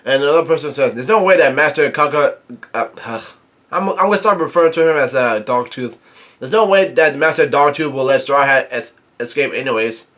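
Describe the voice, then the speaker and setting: Here a middle-pitched male manga reviewer recaps a comic chapter while reading it aloud haltingly. When he gets to the dialogue, he just quotes it plainly instead of performing it.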